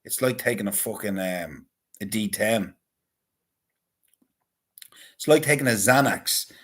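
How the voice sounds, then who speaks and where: A man's voice: lowish voice, measured pace. A man in a casual, rambling monologue, talking crudely and swearing often. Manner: crude, profane, rambling banter. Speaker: vlogger.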